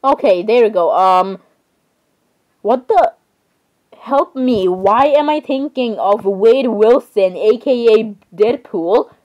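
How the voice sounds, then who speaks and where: A young woman with a slightly high voice chats loosely for her vlog. She rambles, giggles, and cuts herself off mid-thought as she talks. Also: animated, slow pace, darkish tone, lo-fi sound. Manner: rambling, giggly, self-interrupting. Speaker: vlogger. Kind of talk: casual chat over screen browsing.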